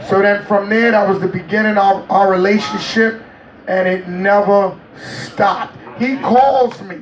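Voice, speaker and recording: Animated man telling stories, distant roomy mic. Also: high voice, unhurried. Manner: animated, laughing, acts out quotes. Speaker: interview guest. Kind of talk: casual storytelling.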